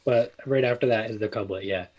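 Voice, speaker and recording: Low-voiced man, chatty guest. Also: a little fast, poor audio. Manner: relaxed, rambling with many fillers and restarts. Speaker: guest, small clothing business owner. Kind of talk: casual interview chat.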